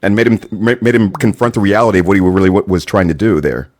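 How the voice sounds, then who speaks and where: A man's voice: sits low, fast talker. A man co-hosting a casual podcast discussion, reasoning through a point hesitantly with many restarts. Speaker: podcast co-host.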